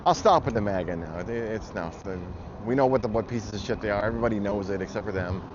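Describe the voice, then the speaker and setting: A man with a lowish voice vlogs at a quick pace, delivering an angry political rant that is heated, blunt, and full of swearing. The audio is muffled, with loud traffic noise.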